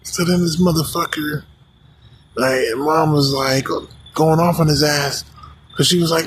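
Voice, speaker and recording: A man's voice: fairly high pitch, fairly even intonation, measured pace, a little hiss or hum, rough recording. A man from the United States in a casual, profane rant to the camera, rambling with many restarts.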